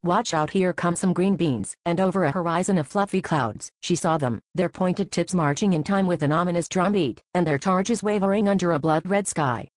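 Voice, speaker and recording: A woman narrating a satirical fairy tale in a deadpan scripted style. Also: fairly low pitch, moderate pace, hardly any pauses, dry recording, rough recording. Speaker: storyteller.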